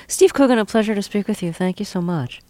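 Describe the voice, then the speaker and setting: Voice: medium pitch, animated, quick pace, mellow, slight background noise. An interviewer asking curious, plain questions. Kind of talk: radio interview.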